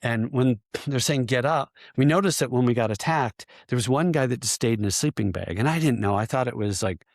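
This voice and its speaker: Brief: man, 50s, veteran podcast guest, animated storyteller, mid pitch, close dry mic. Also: fairly quick, few pauses, no echo. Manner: animated storyteller who acts out shouted quotes and often laughs. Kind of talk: casual interview storytelling.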